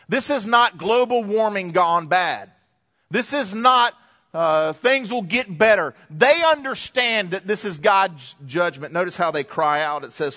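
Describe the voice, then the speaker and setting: A man delivering a sermon in a church with a long, echoing reverb. His voice sits a little high and sounds bright and forceful. He drops to hushed lows, then rises to loud, emphatic peaks. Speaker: pastor. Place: church hall. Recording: echoey church hall.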